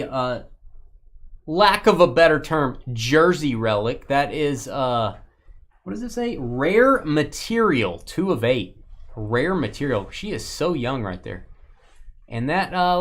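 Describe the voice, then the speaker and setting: A man hosting a live card-breaking stream, chatting casually and joking with viewers as he opens packs. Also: medium pitch.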